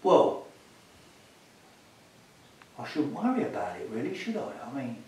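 A man's voice: on the high side, very animated, measured pace, darkish tone. Older man in an echoey room. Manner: rambling, with trailing hesitations. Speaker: patient. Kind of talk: candid conversation. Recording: echoey room, mic far off, faint hiss.

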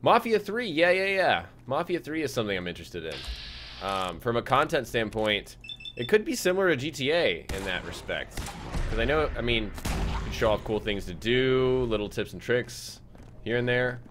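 A man's voice: mid-range voice, normal speed, background noise. A young man streaming a game, casually chatting and reading out viewer messages with frequent fillers. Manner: relaxed, reads chat aloud, frequent fillers. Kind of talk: casual live-stream chat over gameplay.

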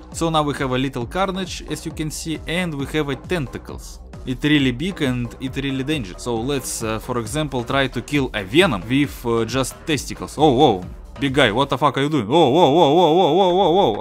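A man with a Russian accent giving excitable, profane gameplay commentary. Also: mid-range voice. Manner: excitable, profane trash talk. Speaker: gaming YouTuber. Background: game music.

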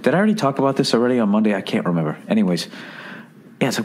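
Animated low-voiced man ranting comedically. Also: very fast. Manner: profane, animated, mimics voices mid-story. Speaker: podcast host. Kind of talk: casual comedic rant.

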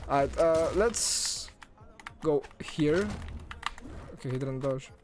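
A young man with a non-native English accent, streaming live gameplay commentary, excitable and swinging between groans and shouts. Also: a little high, slow pace, background noise.

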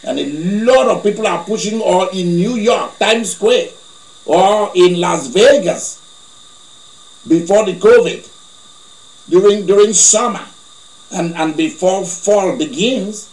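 A male preacher telling a story in a sermon, animated, with laughing asides. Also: sits high, takes it slowly. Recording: echoey room.

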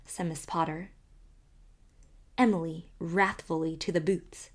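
A woman reading a classic novel aloud as an audiobook narrator in a measured storytelling manner. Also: lowish voice, fairly even intonation. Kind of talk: scripted narration.

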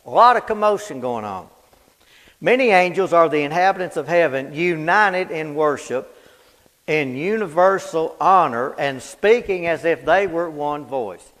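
A high-pitched man preaches a Bible study sermon in a plain, folksy manner. He hammers home his points with repetition and drops from loud proclamations to hushed asides. The sound rings with the long echo of a church hall. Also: animated, unhurried. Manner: emphatic and repetitive, swinging from loud declarations to low, quiet asides.

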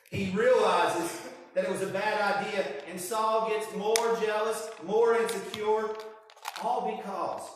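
Guy preaching a sermon, high voice, acts out the lines, big echoey hall, mic far off. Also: a little hiss or hum. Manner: animated storytelling, acting out voices. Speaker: pastor.

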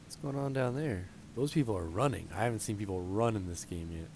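A man's voice: lowish voice, brisk, background noise. A man giving casual let's play commentary on a headset, thinking aloud and chatting to the characters on screen. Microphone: gaming headset.

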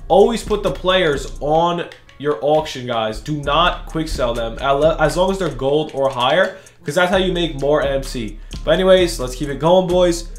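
A young man doing casual, excitable commentary for a gaming video, slangy and hyped, jumping between shouting and muttering. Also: a little high, normal speed, reverberant, soft background music. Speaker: gaming YouTuber. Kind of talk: casual pack-opening commentary.

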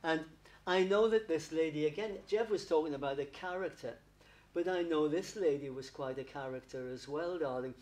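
With a fairly high voice of darkish tone and a moderate pace, a male medium gives a spiritualist church platform reading. He's chatty and affectionate, laughs a lot, and calls people darling.

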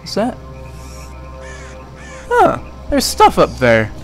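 A man's voice: mid-range voice, unhurried, long pauses, fairly bright tone, faint music behind. A young man casually commenting while he plays a video game, rambling and joking, talking back to the characters on screen. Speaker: let's play host.

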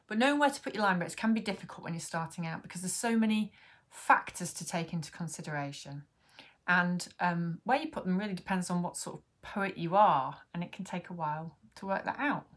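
A woman teaches beginners about poetry in a friendly, explanatory way, pausing on frequent ums. Her voice sits a little low for a woman. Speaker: poet and workshop host. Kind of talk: online poetry lesson to camera.

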